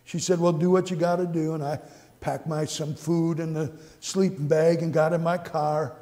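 A man preaching a sermon and telling his own story, earnest and repetitive, going from hushed to exclaiming. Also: a little high, flat delivery, moderate pace. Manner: earnest, repeats phrases, swings between hushed and exclaiming. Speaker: pastor. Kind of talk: sermon with personal testimony. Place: church sanctuary. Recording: long church reverb.

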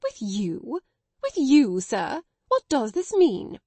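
A woman reading aloud puts on a haughty, rigidly polite schoolmistress from a storybook. Her voice climbs high and shrill whenever she is affronted. The sound is dry and close. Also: expressive, normal speed, a little mellow, dry recording. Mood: indignant. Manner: indignant, rigidly polite, shrill when shocked. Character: stern haughty middle-aged schoolmistress.

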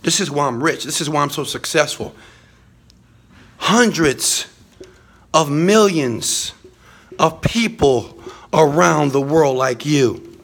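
A man giving a hyped motivational talk to his phone camera in a high-rise apartment, chanting and repeating phrases. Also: takes it slowly, gravelly, pauses often, fairly bright tone. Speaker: motivational speaker.

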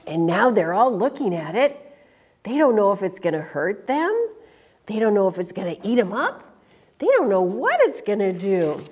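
A woman reading a picture book aloud to young children, in an animated, sing-song, coaxing way. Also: mid-range voice, a little hiss or hum. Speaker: children's storyteller. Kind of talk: storytime read-aloud to children.

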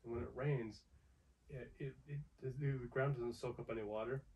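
A man's voice: medium pitch, fairly even intonation, normal speed, far from the mic, muffled recording. A man from upstate New York, a guest swapping laid-back stories in casual podcast chat. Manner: laid-back storytelling with frequent laughs.

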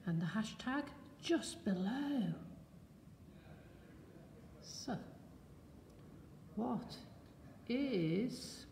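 A woman's voice: a little high, expressive, very slow, gravelly, long pauses, darkish tone. Woman leading children in a big echoey church. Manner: sing-song, coaxing questions to children. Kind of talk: children's activity session. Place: large church building. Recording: echoey church hall, slight noise.

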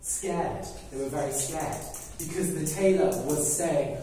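A man teaching English through a story, speaking very slowly and simply, checking understanding with "okay?" after phrases, in a classroom. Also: fairly high pitch, mellow. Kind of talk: slow storytelling for language learners. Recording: very echoey room, mic far off, faint background noise.

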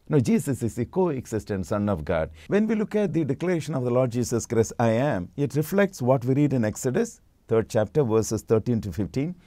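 Mellow-voiced man giving a sermon. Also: medium pitch, dry recording. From India. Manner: measured teaching, slow and deliberate. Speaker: preacher.

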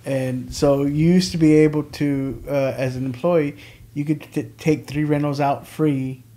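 Rambling man, slightly higher voice. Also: little pitch movement, a little slow, mellow. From Houston area, Texas. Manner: rambling storyteller, heavy on "like" and restarts. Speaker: comedian and podcast co-host. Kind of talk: casual podcast chat.

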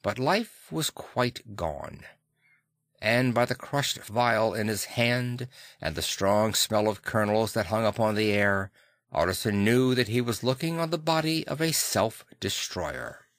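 A man narrating a classic novel audiobook in a measured, dramatic way on a close microphone. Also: fairly low pitch, expressive, a bit bright, no echo.

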